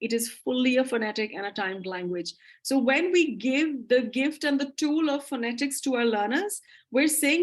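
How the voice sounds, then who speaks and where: A woman's voice: high-pitched, animated, normal speed. A woman English teacher answering audience questions in a live webinar, talking with eager enthusiasm. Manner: enthusiastic, explanatory.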